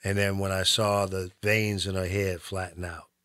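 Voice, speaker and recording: Low, steady-voiced male guest. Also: moderate pace, dry recording. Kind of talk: calm conversational talk.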